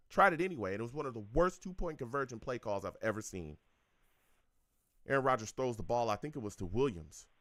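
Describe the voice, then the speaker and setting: A man's voice: medium pitch, a bit bright, no echo. A man hosting a sports call-in show, ranting in a heated, exasperated way and repeating himself. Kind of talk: live sports call-in radio rant.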